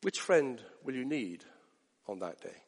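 A man preaching a sermon, earnest, moving from hushed asides up to rising emphatic peaks. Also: mid-range voice, big pitch swings, measured pace, husky, big-room sound.

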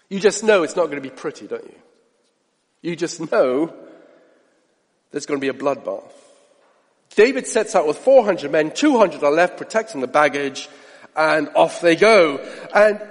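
Male preacher, high animated voice, sermon with rhetorical questions and hushed asides, long hall reverb. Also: measured pace, long pauses.

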